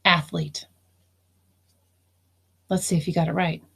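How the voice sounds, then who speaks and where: A woman's voice: on the low side, level tone, a little slow, fairly bright tone, breathy edge. A woman teacher giving a recorded phonics lesson, spelling words out letter by letter and explaining each syllable.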